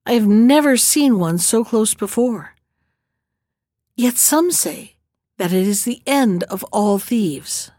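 A woman's voice: on the high side, expressive, takes it slowly, dark tone, dry recording, clean studio sound. A woman voicing a cunning young male thief in a read-aloud storybook, speaking in a mocking, gleeful way. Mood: scheming.

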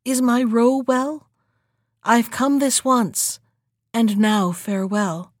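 Woman reading as ghostly young queen, gentle, sorrowful, slow soft delivery, dry close recording. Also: on the high side, steady tone, no room sound. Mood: mournful.

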